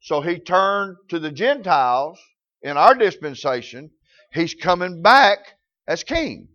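A man's voice: sits high, lively intonation, slow, pushed and bright, highs cut off. A man preaching a sermon, telling folksy stories in rural grammar.

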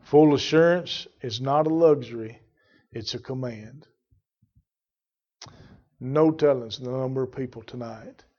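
A man preaching a sermon, fervent, rising to loud emphatic bursts. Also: mid-range voice, dull audio. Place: church.

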